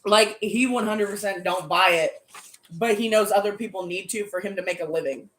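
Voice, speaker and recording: A woman casually recapping a tabletop horror game, animated and swearing freely. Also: medium pitch, a little fast, echoey room.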